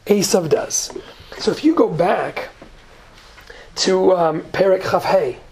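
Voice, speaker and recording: A woman's voice: fairly low pitch, slow, vocal fry, a little mellow, a little hiss or hum. A woman teaching a Torah lesson, reading Hebrew verses and explaining them in English. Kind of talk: lecture on Genesis text.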